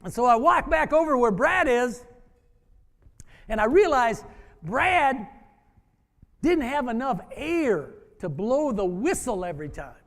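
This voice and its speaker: A former wrestling coach telling a story to an audience, acting out the dialogue in an animated way. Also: male voice, very high voice, a little slow, pauses often. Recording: hall reverb.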